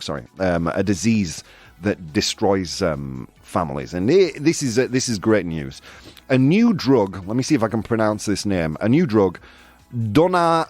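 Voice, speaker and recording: A man's voice: deep voice, lively intonation, normal speed, a little mellow, dry recording, soft background music. A man hosting a casual live stream, chatting through the news and reading viewers' comments, chatty and self-deprecating, often laughing and stumbling over hard words. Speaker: podcast host.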